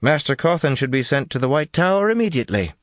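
A haughty, commanding woman, voiced by a male audiobook narrator lifting his deep voice high. She speaks firmly and looks down on everyone. Dry, close recording. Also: very animated, fast talker, dry recording. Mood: condescending. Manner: firm, condescending.

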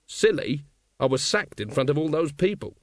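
A man voicing a gruff, weary middle-aged watchman in a storybook reading, grumbling in a low tone. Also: sing-song, normal speed, dry recording, studio quality. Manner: gruff and grudging.

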